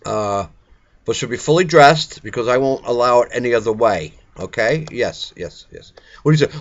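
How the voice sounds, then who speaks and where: A man's voice: medium pitch, expressive, moderate pace. Joking older man, lo-fi. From Brooklyn, New York. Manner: joking, teasing, rambling banter. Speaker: vlogger. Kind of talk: casual home video chat.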